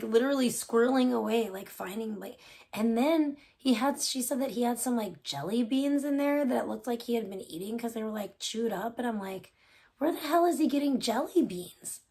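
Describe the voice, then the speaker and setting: A young woman talks loosely on a late-night live stream, her voice sitting a little high. She rambles from one thing to the next with constant fillers and throws in casual swearing. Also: vocal fry, a little mellow.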